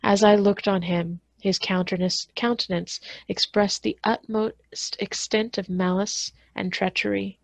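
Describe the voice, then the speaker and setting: A woman librarian reading a classic novel aloud in a steady manner, occasionally restarting on hard words. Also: medium pitch, vocal fry, no room sound. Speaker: school librarian.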